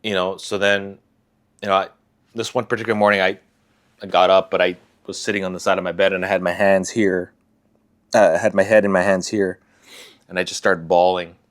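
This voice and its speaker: A man speaking softly and haltingly, with sighs and restarts, as he tells a personal story in a confessional vlog. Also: low-pitched, flat delivery. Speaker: vlogger sharing a personal story.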